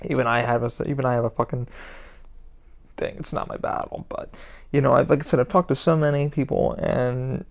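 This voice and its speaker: A man's voice: mid-range voice, fairly even intonation, a little fast, gravelly. A man hosting his own podcast, talking in a loose, rambling monologue full of restarts and heavy swearing. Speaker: podcast host. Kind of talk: casual monologue.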